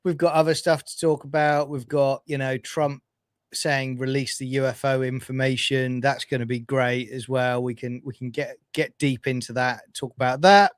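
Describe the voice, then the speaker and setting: A man co-hosting a casual podcast, easygoing and quick to laugh, calling his friend mate and brother. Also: mid-range voice, steady tone, no room sound, studio quality. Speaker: co-host.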